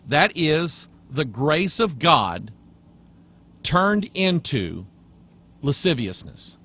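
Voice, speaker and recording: A male pastor preaching a sermon, reading passages aloud and rebutting them with emphasis, sometimes dropping to a low hush. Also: very animated, very slow, breathy edge.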